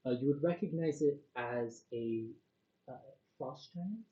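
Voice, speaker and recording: A woman's voice: rumbling low, expressive, unhurried. A woman narrating a tabletop game as game master, loose and full of fillers. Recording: dull, echoey room recording.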